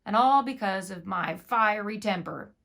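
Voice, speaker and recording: A woman voicing a frantic, blustering male innkeeper, loud and wailing in panic. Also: mid-range voice, lively intonation, measured pace, creaky. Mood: panicked.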